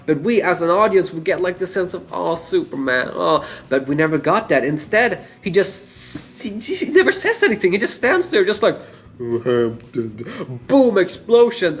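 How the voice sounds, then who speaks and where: A young man giving a casual, rambling movie opinion, laughing often and swearing. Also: on the high side. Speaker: movie reviewer.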